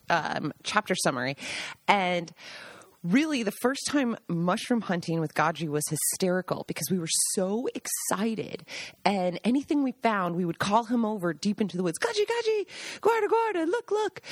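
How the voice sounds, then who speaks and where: A woman's voice: mid-range voice, dry recording. Podcast host, woman, chatty memoir narration, dry voice. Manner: chatty, amused asides. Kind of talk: casual memoir reading and storytelling. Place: home in the countryside.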